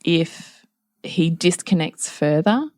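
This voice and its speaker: A middle-aged woman chats on a podcast, laughing as she goes and putting on voices for her family. Her voice sits fairly low but leaps around a lot. The sound is close and dry. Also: takes it slowly, no room sound. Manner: laughs often while telling stories; acts out family members' lines in lively voices. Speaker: podcast co-host. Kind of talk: casual podcast chat.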